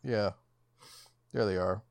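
A man's voice: lowish voice, takes it slowly, gravelly, dry recording. A man co-hosting a casual movie commentary, talking in a laid-back, profane way and often trailing off mid-thought. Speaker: podcast co-host.

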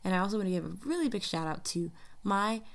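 A woman from the United States hosts a podcast in a casual monologue, chatting in an upbeat way and calling her listeners "y'all". Her medium-pitched voice is fast, with lively intonation.

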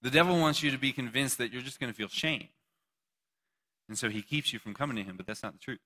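A man preaches in a casual, chatty way, cracking jokes and asking his listeners questions. His voice is bright and forceful, at a middle pitch for a man. He sounds like he is speaking to a live group in a church. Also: quick pace. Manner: casual, joking, talks to the audience. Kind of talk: sermon.

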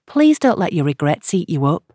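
Woman reader as soothing radio agony aunt of about fifty; low, dry audiobook read. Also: very animated, normal speed, dry recording. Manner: gentle, soothing. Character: soothing fifty-year-old woman radio advice host. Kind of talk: audiobook character reading.

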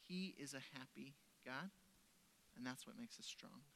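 A pastor preaching a sermon in a church service, telling stories conversationally and swinging from loud emphasis down to soft, lowered lines. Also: male voice, a little slow, creaky.

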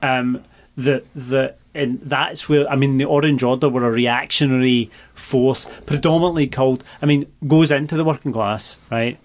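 A man's voice: mid-range voice, steady tone, normal speed. A man in casual political chat, emphatic and sweary, stumbling over restarts and tag questions. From Britain.

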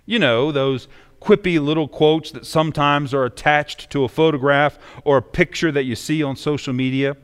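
A man's voice: a little high, moderate pace, clean tone, in a large hall. A man pastor reading scripture and then preaching a sermon in a conversational, emphatic way.

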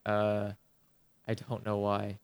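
A man's voice: lowish voice, completely flat delivery, slow pace, smooth. A man in casual chat about video games, ranting animatedly and swearing a lot.

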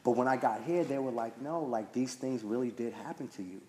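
A man's voice: mid-range voice, brisk, warm tone. A man telling a personal story at a recovery meeting in a casual, chatty way, often asking "right?" and filling with "like". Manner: conversational, frequent "right?" and "like" fillers. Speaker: speaker sharing at a recovery meeting. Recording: echoey hall with faint noise.

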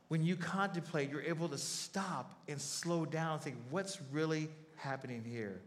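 A man's voice: a little high, moderate pace, few pauses. A man preaching a sermon in an earnest way, repeating key phrases for emphasis. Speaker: pastor. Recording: long hall reverb.

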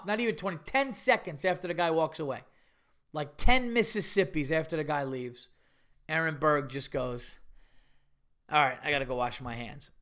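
Male comedian host, slightly high voice, casual profane storytelling monologue. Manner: rambling, profane, animated retelling with quoted voices.

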